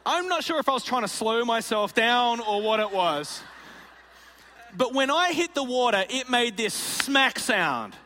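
A man's voice: extremely high pitch, big pitch swings, a little slow, bright, forceful tone, in a large hall, a little hiss or hum. A man preaching, telling a comic story and acting out the voices of the people in it. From Australia. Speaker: pastor. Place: large auditorium.

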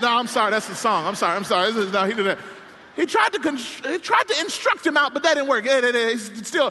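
A male pastor preaching a sermon in an animated, repetitive call-and-response manner. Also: very high voice, normal speed, in a large hall.

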